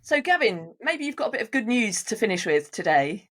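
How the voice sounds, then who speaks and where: A woman's voice: mid-range voice, big pitch swings, brisk, a bit bright. A woman co-hosting a talk show, making an earnest case with rhetorical questions. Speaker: podcast co-host. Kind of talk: casual discussion.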